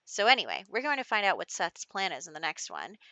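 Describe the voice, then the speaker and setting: A bright, crisp young woman chatting casually through her gameplay commentary. She rambles with lots of fillers and sounds mildly exasperated. The recording is close and dry, with no room echo. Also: lowish voice, huge pitch swings, fast. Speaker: gaming channel host. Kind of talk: casual let's-play commentary.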